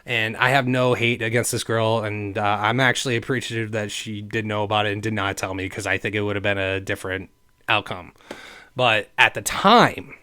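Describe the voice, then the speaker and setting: Smooth-voiced man telling a personal story. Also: on the low side, steady tone, moderate pace, sharp tone. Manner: earnest, rambling, addresses listeners directly. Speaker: podcast host.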